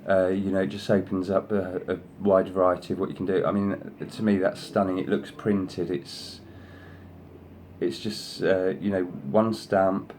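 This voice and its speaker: Low, flat-voiced man gushing over crafts. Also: a little slow, a little hiss or hum. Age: adult, sister past thirty. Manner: effusive, rambling with many "you know"s; coaxes his pet in a higher voice. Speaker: craft channel host showing design samples. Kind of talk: casual show-and-tell.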